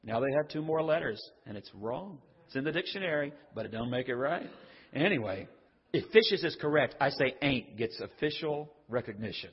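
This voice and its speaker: A man's voice: medium pitch, animated, moderate pace, husky. An older man preaching a sermon in a conversational, joking way, acting out the voices in the stories he tells. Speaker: pastor. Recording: dull lo-fi audio with long hall reverb.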